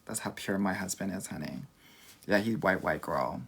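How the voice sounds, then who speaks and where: Sassy campy cali guy with a valley accent, gravelly fry in his voice, reading comments live. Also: low voice, normal speed, fairly bright tone. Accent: Southern California. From Southern California. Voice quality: creaky. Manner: sassy, campy, says "girl" constantly. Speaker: dating coach. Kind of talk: casual livestream Q&A.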